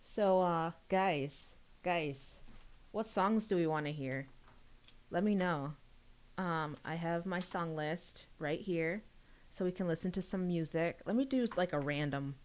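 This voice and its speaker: A young woman, an author, chatting casually on a livestream about her book, giggly and rambling, with sudden high excited bursts. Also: a little slow. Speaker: author streaming a book reading.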